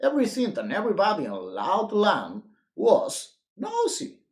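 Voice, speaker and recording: A man reading a children's picture book aloud in a playful, expressive storytime style. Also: sits high, unhurried. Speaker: storytime reader.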